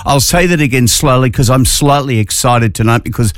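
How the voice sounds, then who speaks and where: Chatty Australian radio presenter, dry sound. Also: male voice, mid-range voice, fairly quick, no room sound. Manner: chatty, jokey, upbeat. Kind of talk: casual radio chat. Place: radio studio.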